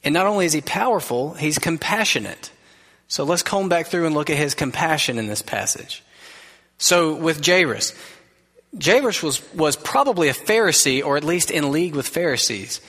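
A man preaching a sermon as pastor, earnest and conversational, dropping to a soft gentle voice for quoted words. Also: a little high, animated, moderate pace. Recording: long reverb of a large hall.

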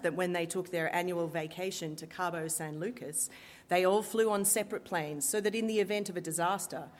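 A woman stage performer tells a story live, lively and wry, leaning on dramatic pauses. Her voice sits on the low side, with a long hall reverb around it.

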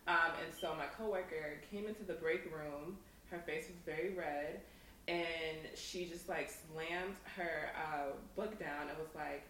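Young woman, podcast co-host, relaxed storyteller, many fillers, distant mic, roomy echo. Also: low-pitched, a little slow, slight background noise. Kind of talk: casual storytelling. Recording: echoey room, mic at a distance.

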